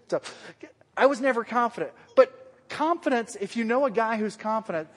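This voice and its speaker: A man's voice: high voice, breathy edge. Man preaching in a reverberant hall. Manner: conversational, self-deprecating, questions the congregation. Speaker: pastor. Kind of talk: sermon. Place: church hall with a congregation.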